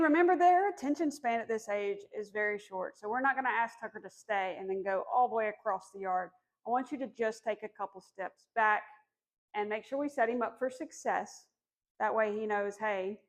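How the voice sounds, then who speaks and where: A woman dog trainer walks through puppy commands step by step. Her voice sits fairly high. She explains each step plainly, like a teacher running an outdoor lesson. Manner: firm commands, soft praise for the dog. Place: outdoors in a yard.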